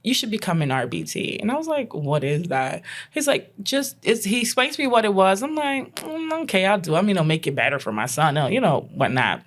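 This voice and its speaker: Lively woman telling her own story. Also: mid-range voice, a little fast. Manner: animated, acts out quoted dialogue, laughs often. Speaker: guest, behavioral consultant. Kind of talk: personal storytelling in a podcast interview.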